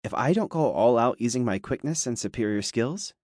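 A small, fierce woman fighter, as a male narrator puts her on, teasing in a soft and sultry tone. Her lines come quieter than the narration around them, with a hushed, low-key delivery. It sounds like a close, dry studio read from an audiobook. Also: expressive, a little fast, dry recording, close to an everyday voice. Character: small fierce female martial-arts fighter.

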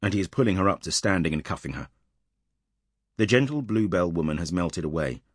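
A man narrating an audiobook in a measured, tense storytelling manner, recorded close in a dry studio. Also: deep voice, lively intonation, husky, no room sound.

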